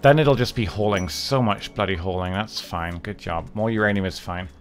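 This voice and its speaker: A man's voice: fairly low pitch, normal speed, faint music behind. A man casually talking his way through a strategy game as a streamer, chatting and muttering to himself and his characters. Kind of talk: casual gameplay commentary.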